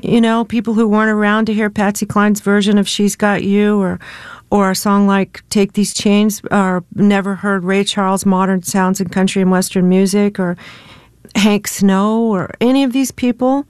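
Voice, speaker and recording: A woman in her fifties from the United States speaks as an interview guest, thoughtful and open, with frequent laughs. Her voice is smooth and clear, and the recording is close and dry with no room sound. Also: mid-range voice, little pitch movement, moderate pace, darkish tone, no room sound. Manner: reflective and candid, laughs often. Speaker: singer-songwriter guest. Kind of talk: relaxed radio interview conversation.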